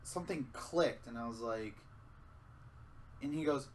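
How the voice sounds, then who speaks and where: A young man co-hosting a podcast, telling stories in casual chat, animated and swearing freely. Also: mid-range voice, a little slow. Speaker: podcast co-host.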